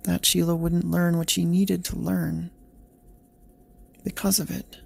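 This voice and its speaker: A man narrating a bedtime story in a soft, gentle, slow storytelling manner. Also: sits high, level tone, gravelly, husky.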